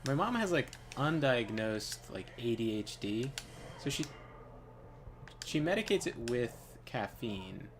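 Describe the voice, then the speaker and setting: A man's voice: medium pitch, very animated, slow, slight background noise. Male gaming host, casual rambling storyteller, filler-heavy, laughs easily, mid-range voice. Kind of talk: casual storytelling while playing a game.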